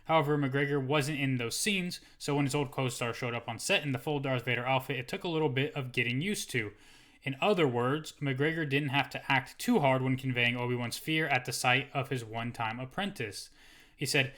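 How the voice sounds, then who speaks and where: A man co-hosting a podcast, reading entertainment news aloud between casual banter. His voice is bright and forceful, with a playful, profane manner. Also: medium pitch, a little fast. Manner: swears freely, playful. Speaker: podcast co-host.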